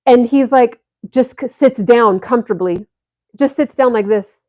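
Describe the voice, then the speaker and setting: Chatty woman telling a story, fairly high voice. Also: measured pace, no echo, highs cut off. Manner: animated, rambling with many fillers and restarts. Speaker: vlogger. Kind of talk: casual storytelling to viewers.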